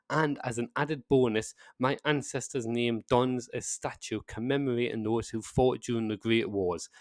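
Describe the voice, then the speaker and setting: A man's voice: medium pitch, no echo. A man with a Northern English accent giving a scripted video-essay narration full of sarcastic asides. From north of England.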